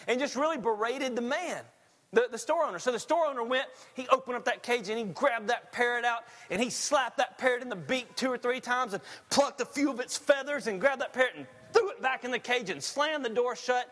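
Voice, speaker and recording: A man with a high voice preaches a sermon, telling stories in a loose, animated way and laughing along. His voice carries a long echo like a church hall. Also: brisk. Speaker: pastor.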